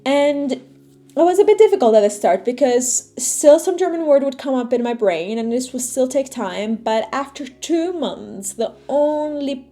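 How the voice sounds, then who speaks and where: Mellow-voiced woman vlogger, light music behind. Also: sits high, unhurried. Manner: chatty, storytelling, lively. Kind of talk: casual talking-to-camera vlog.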